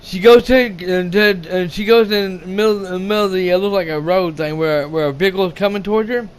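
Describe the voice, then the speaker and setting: A young movie reviewer rants casually at a brisk pace, his high voice clear and resonant. He swears constantly, fumbles his words and restarts, laughs, and shouts the lines he quotes.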